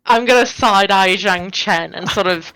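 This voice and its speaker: A woman's voice: medium pitch, unhurried, fairly bright tone, no room sound, poor audio. A woman playing in a tabletop game, chatty and thinking aloud. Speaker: player. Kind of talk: casual tabletop play.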